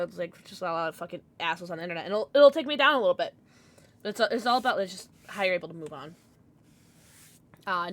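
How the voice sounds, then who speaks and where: A woman's voice: fairly high pitch, pushed and bright, dry recording. A woman in her thirties chatting casually with her stream viewers, affectionate and full of fillers.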